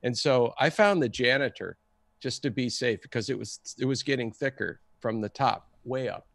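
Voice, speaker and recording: A man telling a story in a casual, excitable way and acting out the people he quotes. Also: medium pitch, moderate pace, creaky, no room sound. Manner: animated, acts out the people he quotes. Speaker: guest storyteller.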